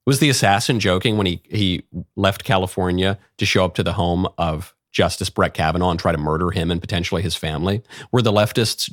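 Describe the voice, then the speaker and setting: A male political commentator speaks with biting sarcasm, stacking up rhetorical questions. His voice sits on the lower side, and the recording is dry and close with no room sound. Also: no room sound. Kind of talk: opinion commentary.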